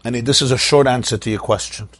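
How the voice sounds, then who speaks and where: A man giving a Torah class as a rabbi, lively and questioning, with mock-cheerful asides. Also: medium pitch, fast talker, dry recording.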